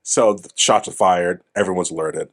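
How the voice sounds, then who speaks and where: A man's voice: sits low, moderate pace. A man co-hosting a casual movie review podcast, swearing freely and breaking into goofy character impressions. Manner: swearing, animated, mimics characters in goofy voices. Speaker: podcast co-host.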